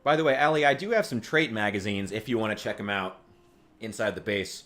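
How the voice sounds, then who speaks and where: This American game streamer has a lowish, slightly bright voice and talks fairly quickly. He rambles and jokes casually, swearing often and restarting his sentences.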